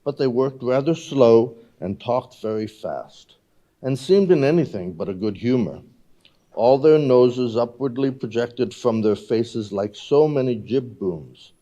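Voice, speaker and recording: A man reads a classic novel aloud at a public marathon reading. His voice is mellow and mid-pitched, and he reads in a steady, plain way. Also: measured pace, lo-fi sound. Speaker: volunteer reader.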